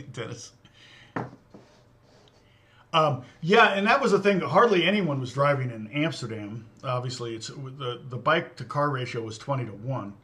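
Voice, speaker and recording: A man's voice: medium pitch, bright, forceful tone. Middle-aged guy from indiana just chatting on his stream, rambly, chuckles a lot, plain everyday voice. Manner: rambling and chatty, answers viewer comments, chuckles often. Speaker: livestream host. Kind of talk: casual chat.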